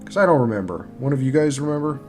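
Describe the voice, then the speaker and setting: A man narrating as game master in a live-streamed tabletop game, pausing and restarting while he works his game tools. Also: medium pitch, lively intonation. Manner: halting, pauses while working the game tools. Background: faint guitar music.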